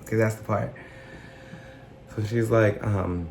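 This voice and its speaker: A man's voice: lowish voice, fairly even intonation, unhurried, vocal fry, long pauses, background noise. A man giving a casual, reflective commentary on song lyrics as a life coach, explaining ideas through everyday examples. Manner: reflective, explains with examples, paraphrases lines in an imagined speaking voice. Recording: roomy echo with faint background music.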